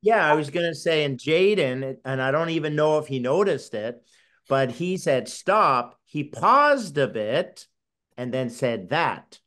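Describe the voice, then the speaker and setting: Playful man co-host, unhurried delivery, lively swings in pitch. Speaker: co-host and book presenter. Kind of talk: relaxed classroom talk.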